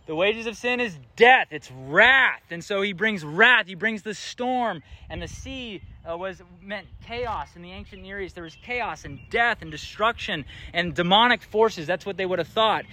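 A man's voice: sits high, normal speed, hardly any pauses, pushed and bright. A young man preaching a casual sermon, often asking the audience questions. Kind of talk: interactive sermon.

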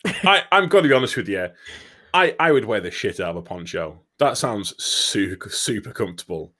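A man's voice: lowish voice, lively intonation, moderate pace, a bit bright. A man who drives trucks, chatting casually, rambling with frequent restarts and swearing freely. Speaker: truck driver, podcast co-host. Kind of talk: casual chat.

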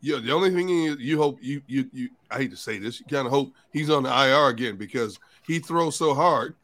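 A man's voice: mid-range voice, a little fast, fairly bright tone. A man co-hosting a sports talk show, chatting casually with emphatic reactions.

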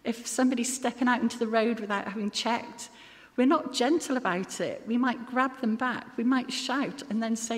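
A woman preaches a sermon earnestly, now and then making self-deprecating asides. Her voice is on the high side at a normal speed, and a long hall reverb surrounds the recording.

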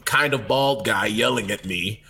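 A man's voice: lowish voice, a little slow, bright, forceful tone, slight background noise. A man co-hosting a podcast, talking bluntly and laughing often in casual chat. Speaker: podcast co-host.

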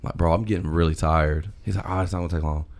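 A man telling a long story in casual chat, animated, swearing and quoting his friends. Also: sits low, racing.

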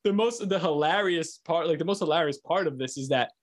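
A man's voice: fairly high pitch, a little fast. Laughing, crude-talking male podcast host. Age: adult with young kids. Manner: crude storytelling, laughs often. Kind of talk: casual chat.

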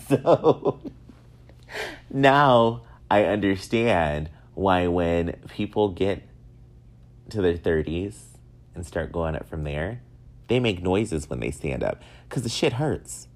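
Deep-voiced man, self-mocking podcast talk. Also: slow pace. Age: 30s. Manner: self-mocking, animated storytelling. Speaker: podcast host. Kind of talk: casual solo podcast monologue.

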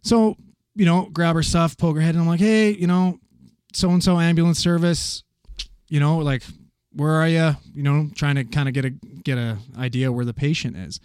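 A man casually telling a paramedic story, animated and swearing freely as he acts out the voices of the people in it. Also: a little high, moderate pace, clear, resonant tone, no room sound, clean studio sound.

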